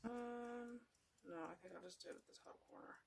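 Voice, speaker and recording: A woman's voice: a little high, a little fast, creaky, heavy background noise. A woman hosting a craft tutorial, chatting casually and meanderingly to viewers as she works, a little sleepy and yawning. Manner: chatty and meandering, talking to viewers while working.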